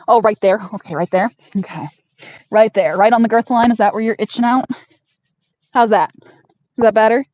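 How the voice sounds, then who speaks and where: A woman's voice: a little high, darkish tone, dry recording. A woman hosting a casual homestead livestream while grooming her horse, rambling and baby-talking to her pony in a barn arena. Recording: dull lo-fi sound.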